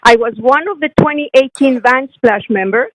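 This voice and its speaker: A middle-aged woman, a swim coach, phones in to a council meeting to deliver an earnest prepared comment as a public speaker. Her high-pitched voice, at a moderate pace, comes through a low-quality phone line with no room sound, and she makes small restarts as she reads.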